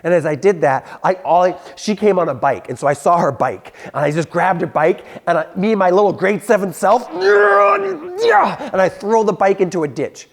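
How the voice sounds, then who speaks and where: A man's voice: a little high, brisk, few pauses. A young adult man preaching a youth sermon, telling stories and acting out voices as he goes. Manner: animated, acts out voices, laughs at own stories. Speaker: youth pastor.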